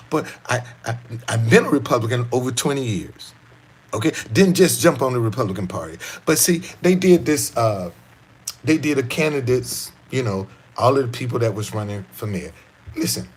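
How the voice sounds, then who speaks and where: Husky, animated D.C. man. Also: mid-range voice. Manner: profane, repetitive, emphatic street talk. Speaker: guest telling his life story. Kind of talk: animated storytelling.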